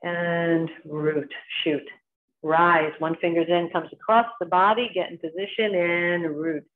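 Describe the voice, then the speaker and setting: A woman with a New Jersey accent guides a qigong session in brief, paced commands matched to the movements. Her voice sits fairly low, and the recording is thin and tinny, like a phone line. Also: fairly even intonation, measured pace, a little hiss or hum. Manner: short spoken cues timed to movement. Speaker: qigong instructor. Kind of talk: guided exercise class instruction.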